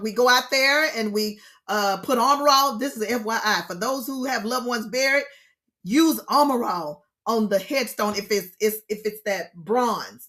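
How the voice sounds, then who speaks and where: A middle-aged woman teaching an online grief group. Her voice is bright and somewhat high, with a lively, preacher-like delivery. She repeats her key points for emphasis. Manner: expressive, preacher-like, exclaims and repeats key phrases. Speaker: grief counselor leading an online session.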